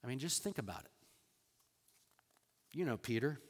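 A man preaching a sermon as a pastor, animated, acting out quoted lines with sudden loud bursts and soft drops. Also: mid-range voice, moderate pace, big-room sound.

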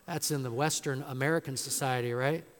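A man preaching an expository sermon in a church, slow and emphatic, building to loud dramatic quotations. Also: medium pitch, fairly even intonation. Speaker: pastor. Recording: long hall reverb.

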